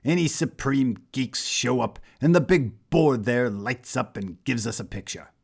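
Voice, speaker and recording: A man's voice: unhurried, gravelly, slightly rough. A man putting on a giddy mad clown villain. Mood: bored, giddy. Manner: giddy, jumpy, high-pitched delivery. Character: manic bored male supervillain clown.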